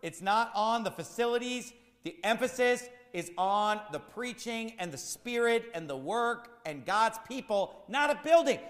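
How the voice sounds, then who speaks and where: Emphatic high-voiced man preaching in echoey hall. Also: lively intonation, a little slow, hardly any pauses. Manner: rhetorical questions, repetitive emphatic cadence. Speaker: pastor. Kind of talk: sermon.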